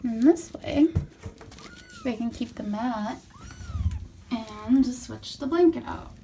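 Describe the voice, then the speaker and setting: A woman's voice: fairly high pitch, takes it slowly, mellow, a little hiss or hum. A young woman at home, chatting to her cats in sweet baby talk and explaining things to her viewers as she tidies their bed. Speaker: pet vlogger. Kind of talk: casual narration while handling kittens. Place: at home beside a cat bed.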